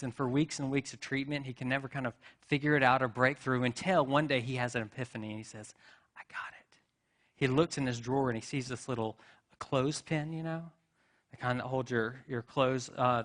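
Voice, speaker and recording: A man's voice: mid-range voice, fairly even intonation, brisk, fairly bright tone. Conversational male pastor preaching. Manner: conversational storytelling with asides and rhetorical questions. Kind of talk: sermon. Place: church sanctuary.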